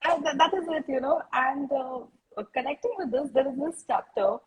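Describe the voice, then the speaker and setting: A woman's voice: high-pitched, normal speed, highs cut off. A woman hosting a book club interview over a video call, asking questions hesitantly with many fillers.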